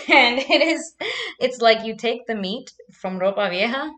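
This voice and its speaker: Young woman vlogger, loose and chatty, salty language, quick to laugh. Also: fairly high pitch, expressive, pushed and bright. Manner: chatty and loose, swears freely, laughs often. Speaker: vlogger hosting a live chat. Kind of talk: casual livestream chat.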